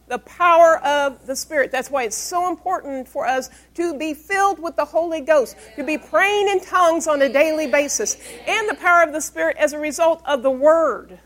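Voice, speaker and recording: A woman with a high voice preaches in an emphatic style. She reads scripture verse by verse and stops to ask the congregation questions. Her talk has the firm cadence of a pastor teaching her church. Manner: emphatic, call-and-response questions. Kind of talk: sermon.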